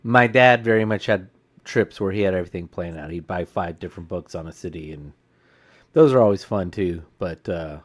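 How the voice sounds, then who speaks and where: Low-voiced laid-back man. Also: moderate pace. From United States. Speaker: podcast co-host. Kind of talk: casual chat.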